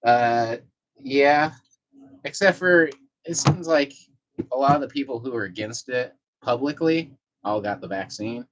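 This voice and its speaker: On a lo-fi live stream, a man talks a little slowly in a mid-range voice. Loose and profane, he reads out messages from viewers and, in between, talks to his cat.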